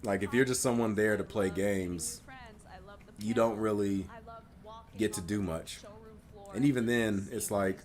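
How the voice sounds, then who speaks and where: A man with a very deep voice chatting casually and rambling as he reacts live to a game showcase. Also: measured pace, long pauses, darkish tone. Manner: rambling, laughs often, many "like" fillers.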